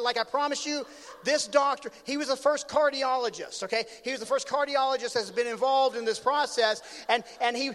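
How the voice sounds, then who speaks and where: A man with a high-pitched voice delivers a sermon. He tells a story with lively swings between loud outbursts and quiet asides. His voice rings with the long reverb of a big hall. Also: a little fast. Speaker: pastor.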